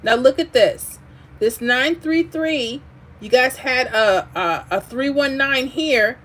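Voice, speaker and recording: A woman hosting a lottery livestream, chatting casually, reading viewer comments aloud and drifting into animated asides. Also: sits high, slow pace.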